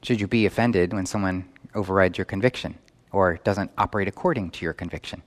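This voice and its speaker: A man's voice: deep voice, brisk. Man preaching with questions. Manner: asks the audience questions. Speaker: pastor. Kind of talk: sermon. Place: church in New York.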